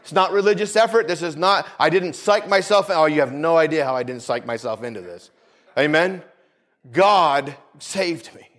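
A man's voice: fairly high pitch, brisk, a bit bright. A man preaching a fervent sermon, calling out for amens from the congregation as his voice swells and drops. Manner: fervent, rising and falling preaching with call-outs for amen.

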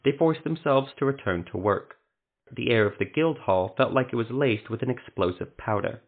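A man narrating a fantasy story in a steady, descriptive reading style. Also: medium pitch, normal speed. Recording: phone-like narrow sound.

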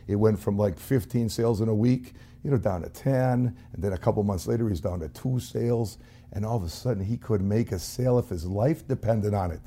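A man's voice: mid-range voice, creaky, mellow. A man telling a folksy anecdote as a sales trainer, acting out the voices of the people in his story. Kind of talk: storytelling motivational talk.

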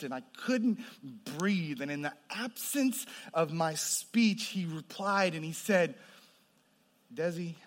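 A man preaching a testimony sermon, moving between hushed storytelling and loud, impassioned passages. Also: fairly high pitch. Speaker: pastor. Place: large hall with audience. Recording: long hall reverb.

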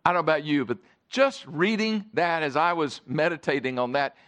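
Male pastor, slightly high voice, dynamic sermon delivery with audience questions. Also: lively intonation, brisk. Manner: emphatic, swings between loud stressed phrases and soft asides.

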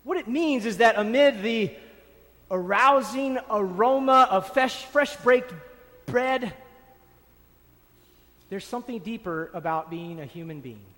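A man delivers a sermon in a high voice, stressing his words and circling back to repeat key phrases. His voice carries a long reverb, as in a large hall. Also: lively intonation, measured pace, pauses often, a bit bright. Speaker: preacher.

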